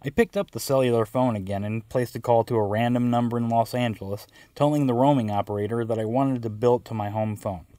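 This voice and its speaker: A man's voice: mid-range voice, steady tone, fast, hardly any pauses, warm tone, no room sound. A man narrating a first-person story in a dry, wry way, voicing the quoted lines himself.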